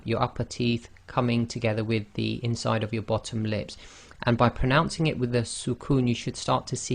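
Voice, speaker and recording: Here the man's mid-range voice has a gravelly quality. A non-native Arabic speaker teaching the Quran online, he works through Arabic letter pronunciation, patiently sounding out each one and repeating it.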